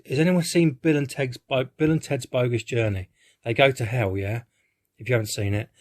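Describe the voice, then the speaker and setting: A man with a medium-pitched voice gives a rambling, hesitant film review as he reacts live, swearing casually and restarting his sentences again and again.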